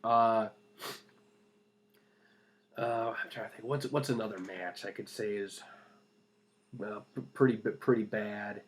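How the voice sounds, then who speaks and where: A man's voice: on the low side, steady tone, measured pace, pauses often. A man answering viewer questions in a casual vlog, rambling with lots of fillers and restarts, while he is ill. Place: at home with cats.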